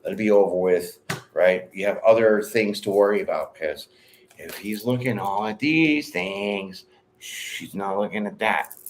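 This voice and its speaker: A man's voice: fairly low pitch, a little slow, slight background noise. A man giving a casual livestream tarot reading, talking in a direct, bold and slangy way and laughing often. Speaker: tarot reader.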